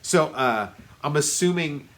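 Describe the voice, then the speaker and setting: A man's voice: on the high side, expressive, unhurried, fairly bright tone. A man co-hosting a casual movie review podcast, rambling and circling back with many fillers. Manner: rambling, lots of fillers and restarts. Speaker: podcast co-host.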